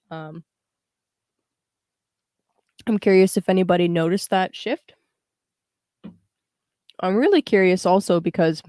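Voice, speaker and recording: A woman's voice: on the low side, a little mellow, dry recording. Chatty woman astrologer, dry close sound. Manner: chatty, greets live viewers, frequent fillers. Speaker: astrologer and tarot livestream host. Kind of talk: casual livestream chat explaining astrology.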